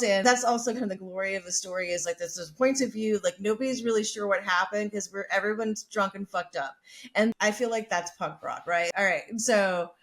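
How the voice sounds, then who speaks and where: Foul-mouthed woman telling a story. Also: mid-range voice. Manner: profane, chatty, brash. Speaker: podcast host. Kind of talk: casual storytelling.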